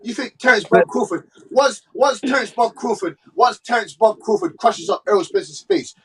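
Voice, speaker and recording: A man's voice: sits high, lively intonation, moderate pace, far from the mic, rough recording. A man, ranting about boxing in a heated, profane way. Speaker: boxing podcast co-host. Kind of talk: casual chat.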